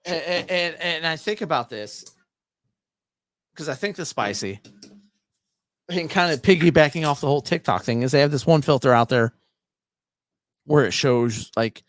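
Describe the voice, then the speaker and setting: A man's voice: a little high, lively intonation, moderate pace, pauses often. A man co-hosting a casual podcast over drinks, rambling and stammering through restarts. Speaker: podcast co-host.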